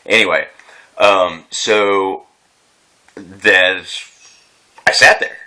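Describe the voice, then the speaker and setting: A distressed veteran recounts his ordeal in a rambling, agitated way, swearing and restarting his sentences. His voice sits fairly low but has a bright, forceful edge. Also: steady tone, extremely slow. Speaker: veteran telling his story. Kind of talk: unscripted personal vlog.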